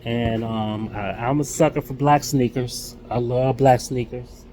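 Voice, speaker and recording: A man of middle pitch chats about his sneaker pickups in a loose, unhurried vlog style. He restarts and repeats words, using casual slang. Steady noise runs clearly under his voice.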